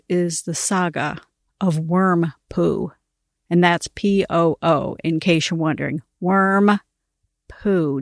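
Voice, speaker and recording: A middle-aged woman hosting a ministry podcast, telling a story in a casual, animated way and laughing as she talks. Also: fairly low pitch, no echo, studio quality. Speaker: podcast host, ministry coach.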